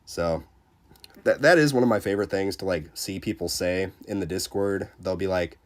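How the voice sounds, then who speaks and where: A man with a cold, sounding congested as he chats casually on a game livestream and reads viewer comments in a relaxed, rambling way. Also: sits low, moderate pace. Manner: relaxed, rambling, lots of fillers. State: sick, under the weather. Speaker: game streamer reading chat.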